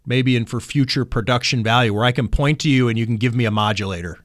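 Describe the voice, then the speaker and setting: A man's voice: medium pitch, fast talker. A man co-hosting a sports talk show, with a dry, teasing manner, sometimes reading prepared text aloud. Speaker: sports reporter and co-host.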